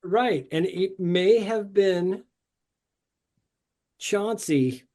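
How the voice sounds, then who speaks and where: A man's voice: sits high, drawn-out words, dark tone. A man telling stories as a podcast guest in a casual interview, upbeat and rambling, heard over a video call. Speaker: podcast guest, show artist.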